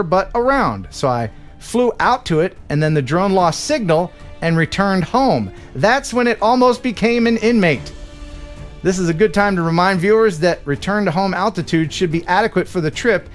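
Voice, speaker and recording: An American man hosting a live stream, chatting casually and reading viewer mail, with animated reactions. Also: high voice. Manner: animated, laughs and cries out while reacting to clips.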